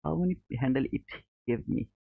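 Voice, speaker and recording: A man's voice: medium pitch, fairly quick, creaky. Male trading streamer, mid-range voice, tinny lo-fi audio, casual step-by-step chart commentary. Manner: explains step by step, repeats points, calls viewers brother. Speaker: trading educator streaming live. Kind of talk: live chart commentary answering chat. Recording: narrow phone-like audio.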